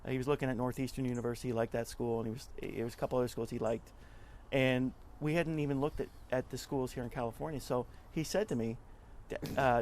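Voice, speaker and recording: A middle-aged man being interviewed, telling stories in an easy, chatty way. He acts out the voices of the people in his stories. His voice sits in an ordinary middle pitch, with a faint hiss of background noise. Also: fast talker, few pauses. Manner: chatty, animated storyteller who acts out quotes. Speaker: interview guest, nonprofit club leader. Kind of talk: casual storytelling interview.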